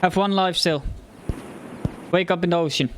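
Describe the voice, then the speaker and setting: A gamer narrates his own let's play at a normal speed, his high-pitched voice set against a noisy background. He's jumpy and frightened, muttering nervously to himself and yelping whenever something scares him.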